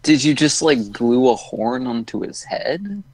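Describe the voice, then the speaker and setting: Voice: medium pitch, expressive, measured pace, darkish tone. A giggly, playful player at a tabletop game. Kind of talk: casual tabletop game chat.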